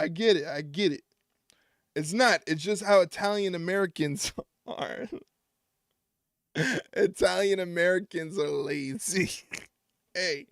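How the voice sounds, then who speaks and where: A man chats casually on his stream in a fairly high voice. He talks at an unhurried pace, swears freely and laughs often. The sound is dry and close, with no room echo. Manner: loose and profane, laughs often. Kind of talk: casual chat.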